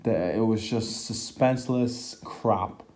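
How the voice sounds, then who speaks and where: A young man rants through a film review, exasperated and swearing freely, his talk stuffed with "like" and sighs of disgust. His voice sits low and sounds mellow and warm rather than bright. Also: takes it slowly. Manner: exasperated, profane, lots of "like" fillers. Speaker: movie reviewer.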